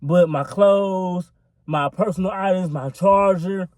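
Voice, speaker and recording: High-voiced young man telling a story. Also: slow pace, darkish tone, dry recording. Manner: rambling, heavy profanity, filler-laden. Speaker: vlogger. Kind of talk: casual storytime. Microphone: phone.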